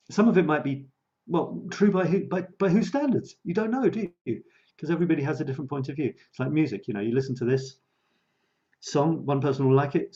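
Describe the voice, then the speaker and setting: A man's voice: medium pitch, dark tone, muffled recording. A man giving a casual live-streamed coaching talk, chatty and self-mocking, laughing often and repeating words as he goes. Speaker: creativity coach.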